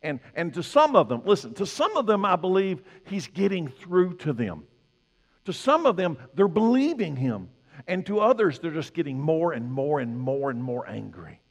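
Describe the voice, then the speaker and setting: A male pastor preaching a sermon, swinging from loud emphatic peaks to hushed, low lines. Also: very animated, normal speed, in a large hall.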